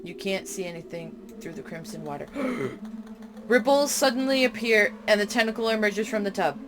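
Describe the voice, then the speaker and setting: A woman's voice: mid-range voice, normal speed, slight background noise. Woman reading a horror game aloud. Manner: reads the game text aloud, breaking off for startled, chatty asides. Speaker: game streamer.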